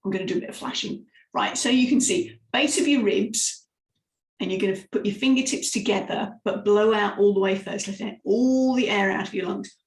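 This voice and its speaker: Lively woman coaching vocal warm-ups. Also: medium pitch, a little fast. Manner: lively, demonstrative, guides listeners through exercises. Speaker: speaking coach. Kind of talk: live vocal warm-up lesson. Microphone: microphone, sometimes stepping close. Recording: roomy echo.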